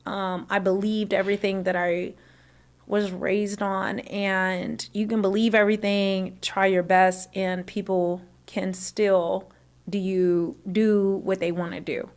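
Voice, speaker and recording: A woman's voice: medium pitch, level tone, slow. A woman from the American South chatting casually on a livestream, rambling with many fillers and restarts.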